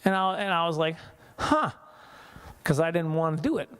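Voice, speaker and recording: A man's voice: a little high, fairly even intonation, quick pace, smooth. A man in his forties from Saskatchewan doing a chatty, self-mocking stand-up comedy set, laughing at his own jokes. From Saskatchewan, Canada. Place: church hall.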